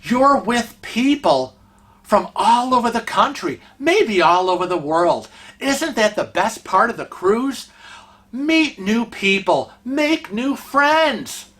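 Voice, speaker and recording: A man's voice: very high-pitched, lively intonation, slow pace, a bit bright. A man hosting a vlog segment on cruise etiquette, calling out bad behavior in an indignant, emphatic way. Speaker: vlog host.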